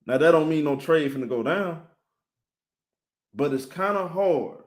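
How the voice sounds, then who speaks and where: A man talks loosely and energetically, as if running his own live sports stream. His voice sits a little high for a man. He keeps turning to address his viewers directly. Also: measured pace. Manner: animated, talks straight to chat viewers, shouting them out.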